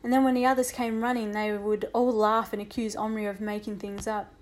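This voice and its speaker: A woman's voice: medium pitch, little pitch movement, fairly quick. Woman reading an audiobook expressively. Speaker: narrator. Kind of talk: audiobook narration.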